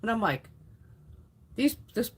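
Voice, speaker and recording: A woman's voice: fairly high pitch, big pitch swings, slow, husky. A woman in her fifties hosting a casual live stream, chatting and telling rambling stories, swearing freely. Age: 50s. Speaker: beauty live-stream host.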